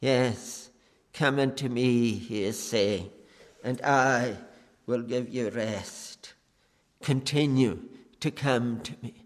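Slow pleading preacher in a reverberant hall. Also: male voice, medium pitch. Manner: earnest pleading, slow with long pauses. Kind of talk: sermon. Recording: long reverb of a church hall.

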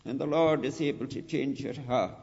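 A man preaching a sermon, earnest and deliberate, repeating his phrases and rising to emphatic pleading. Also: mid-range voice, gravelly, a little mellow. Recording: dull lo-fi recording with long hall reverb.

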